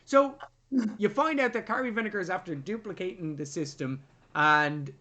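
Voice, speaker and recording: A man recaps a film on a casual review podcast. His voice sits high and bright, and it swings widely as he talks. He keeps dropping into mocking impressions of the characters. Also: lively intonation, moderate pace. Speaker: podcast co-host.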